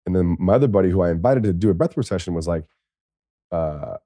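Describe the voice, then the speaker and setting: A man in his thirties, a former pro football player, telling his story as a podcast guest in a rambling, animated way full of "like". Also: deep voice, fast, dry recording, studio quality. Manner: rambling, animated, heavy "like" fillers. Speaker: interview guest, former NFL tight end. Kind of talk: candid storytelling.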